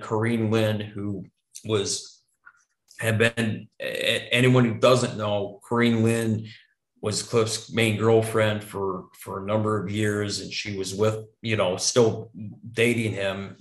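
A man guest telling a story in casual conversation, rambling with frequent restarts and some swearing. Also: fairly low pitch. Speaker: podcast guest. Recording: echoey room.

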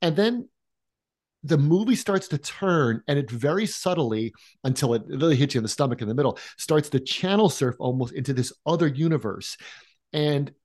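A man co-hosting a film podcast, talking in an animated way with quick restarts and asides. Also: fairly high pitch. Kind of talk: casual conversation.

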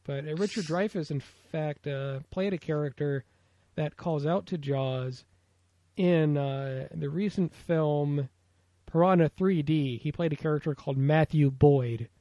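A man's voice: on the high side, a little slow, dark tone, no room sound, muffled recording. An American man co-hosting a casual movie podcast, rambling with lots of fillers. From United States. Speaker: podcast co-host.

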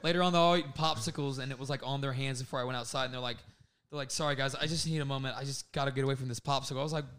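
A man in his twenties co-hosts a podcast, telling a story in casual conversation at a rapid-fire clip. His medium-pitched voice is animated, and he laughs a lot while acting out other people's quotes.

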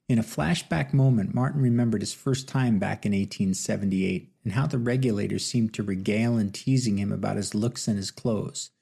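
A man narrating an audiobook novel with steady, measured storytelling. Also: on the low side, gravelly, breathy edge. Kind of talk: scripted narration.

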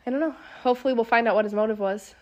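A young woman co-hosting a podcast in casual chat, speaking softly with a sick, hoarse voice and lots of filler words. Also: a little high, very fast, dull audio. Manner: soft-spoken, lots of "like" fillers. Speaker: podcast co-host.

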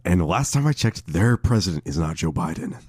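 A man's voice: low voice, sing-song, brisk, a little mellow, husky, no echo, clean studio sound. A man co-hosting a casual podcast, making wry, contrarian quips. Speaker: podcast co-host. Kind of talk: casual chat.

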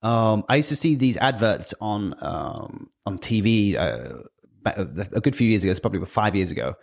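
A man's voice: fairly low pitch, normal speed, vocal fry. A British man in casual chat, telling stories animatedly and swearing often. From Britain. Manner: animated storytelling, profane. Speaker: guest, music industry worker.

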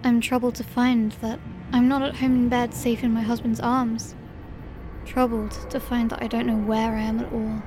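A woman's voice: a little high, little pitch movement, normal speed, background noise. A woman narrating a first-person horror story with a tense, dramatic delivery. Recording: music bed behind the voice.

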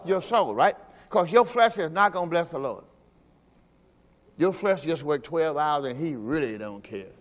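A man preaching a sermon as pastor. He talks emphatically, asks the congregation questions, and drops into low quiet asides. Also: expressive, a little slow. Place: church sanctuary. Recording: long hall reverb from a church service.

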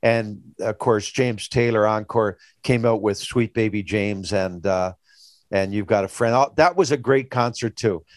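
A man's voice: lowish voice, measured pace, no echo. Rambling older man. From Newfoundland, Canada. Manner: rambling storyteller, animated when retelling anecdotes. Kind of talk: casual chat.

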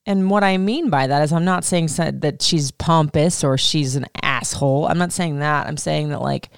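Gravelly, candid woman podcast host. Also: deep voice, normal speed, dry recording, clean studio sound. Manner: candid, swears freely, laughs often. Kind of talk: casual advice monologue.

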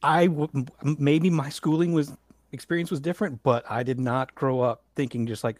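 A man in casual chat, making halting, wry asides. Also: mid-range voice, fairly even intonation, darkish tone, dry recording.

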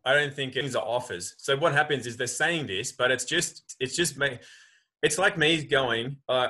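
A man's voice: medium pitch, normal speed, pushed and bright, poor audio. A man in casual conversation, talking animatedly and acting out quoted voices.

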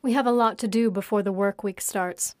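A commanding young woman speaks in a brisk, bossy way, as a woman narrator puts her on. The voice stays near the reader's own medium pitch. The recording is dry. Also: steady tone, no echo, close to an everyday voice.

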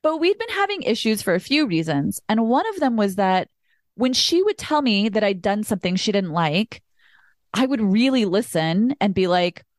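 A woman's voice: mid-range voice, sing-song, normal speed, no echo, clean studio sound. Candid woman host telling a story. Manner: candid and emphatic, swears, acts out quoted dialogue. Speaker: podcast host. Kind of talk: personal storytelling in casual chat.

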